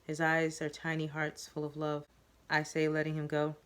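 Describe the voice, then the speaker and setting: A reader narrating a story in the first person. The delivery is plain and steady at a middle pitch, with the odd stumble and repeated word. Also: normal speed, clean tone.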